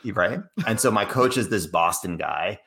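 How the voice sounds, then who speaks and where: Bright-voiced man telling stories. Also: sits low, normal speed, creaky. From Cambridge, Massachusetts. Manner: animated, laughs often. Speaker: guest. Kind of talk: casual storytelling.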